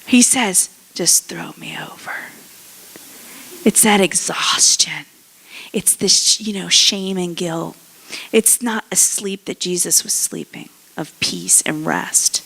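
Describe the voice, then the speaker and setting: Woman pastor, casual sermon, slow deliberate delivery, acts out voices. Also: on the low side, creaky, bright, forceful tone, breathy edge. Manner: conversational preaching, acts out characters' voices.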